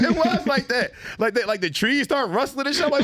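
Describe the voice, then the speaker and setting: Animated, laughing man telling stories. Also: very high-pitched, moderate pace, few pauses, background noise. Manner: animated, swears a lot, laughs often, acts out voices in stories. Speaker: podcast co-host. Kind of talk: casual storytelling chat.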